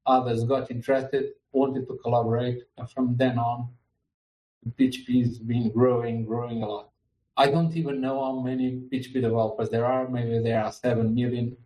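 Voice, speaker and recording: Mellow fifties man in an echoey room. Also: mid-range voice, little pitch movement, normal speed. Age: 50s. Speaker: podcast host. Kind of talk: casual podcast chat.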